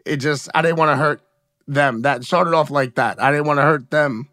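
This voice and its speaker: A man's voice: a little high, moderate pace, bright, forceful tone, no room sound, clean studio sound. A man as an interview guest, talking frankly and emotionally about his feelings, often asking "you know what I mean?". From United States. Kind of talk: candid conversational interview.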